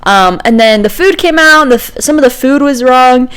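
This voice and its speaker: Woman, podcast co-host, casual storytelling, animated, laughs often, acts out quoted voices. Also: high voice, moderate pace.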